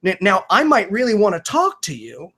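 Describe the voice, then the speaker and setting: A man's voice: high-pitched, huge pitch swings, moderate pace, bright, forceful tone, husky. A man, a podcaster and comedian, talking earnestly and emphatically in a casual video-call conversation, swearing freely and often restarting his sentences.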